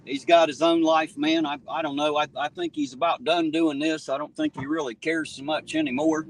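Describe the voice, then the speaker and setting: A man's voice: a little high, little pitch movement, moderate pace. A man hosting a casual live stream outdoors at night, chatting and joking as he greets viewers by name. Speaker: livestream host reading viewer chat. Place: outdoors on a town street at night after rain. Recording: slightly distant mic, faint street noise.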